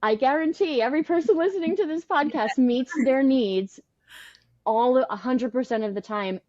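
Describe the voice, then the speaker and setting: A woman in her thirties answers podcast questions as a baby sleep consultant, earnest and animated, often restarting her sentences. Her audio sounds dull and lo-fi, and the mic picks up no room at all. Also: sits high, normal speed, no echo. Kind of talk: podcast interview.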